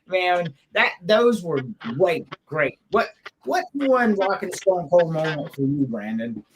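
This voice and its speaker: A man's voice: high-pitched, animated, slow, a little hiss or hum, low-quality recording. A man hosting a casual chat, telling stories with animation and swearing freely.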